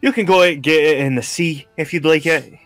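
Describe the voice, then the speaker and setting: A man voicing a menacing pirate ship cook in a low, threatening voice. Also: normal speed, no room sound, faint music behind, lightly acted.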